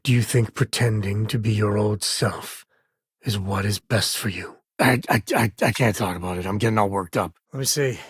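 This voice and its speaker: A man's voice: lowish voice, moderate pace, slightly rough, no room sound. An actor playing an easygoing male space cowboy companion in a video game, with a wry, laid-back drawl and dry humor. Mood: somber. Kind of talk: game voice lines. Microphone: close studio mic. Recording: dry close studio recording.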